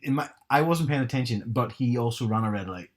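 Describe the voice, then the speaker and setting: A man's voice: mid-range voice, fairly quick. A man co-hosting a podcast, telling stories with hesitant ums and restarts. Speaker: podcast co-host. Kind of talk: casual chat.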